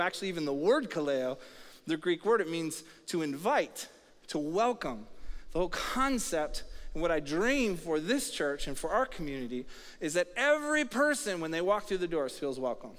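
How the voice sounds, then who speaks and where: A high-pitched male pastor delivers an energetic sermon and pulls the congregation into call-and-response. His voice rings out through a large church auditorium with a long reverb tail.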